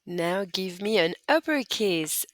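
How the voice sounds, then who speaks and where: This woman's mid-range voice is expressive and unhurried, captured in a dry recording. She gives a screen-recorded French lesson, guiding students clearly and patiently, one step at a time, through typing accent marks.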